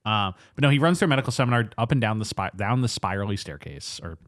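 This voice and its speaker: A man's voice: on the low side, fast, no echo, studio quality. A man co-hosting a podcast, animatedly discussing a movie in casual chat. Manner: animated, bursts into shouted movie-quote impressions. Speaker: podcast co-host. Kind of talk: casual film recap chat.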